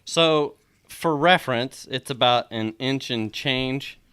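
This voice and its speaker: Bright-voiced man, matter-of-fact. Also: mid-range voice, takes it slowly, clean tone, dry recording. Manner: matter-of-fact, coughing and laughing through the heat. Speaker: podcast co-host. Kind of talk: casual chat.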